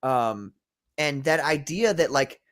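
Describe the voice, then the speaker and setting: A man's voice: a little high, lively intonation, takes it slowly, a bit bright. A man co-hosting a livestream, talking loosely and profanely and reading viewer chats aloud. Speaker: podcast co-host. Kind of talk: casual livestream chat.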